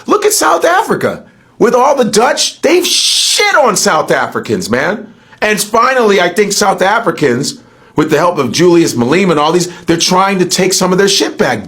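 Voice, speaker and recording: A man's voice: high-pitched, fairly bright tone. A man born in the United States, ranting heatedly and profanely on a podcast, with emphatic outbursts.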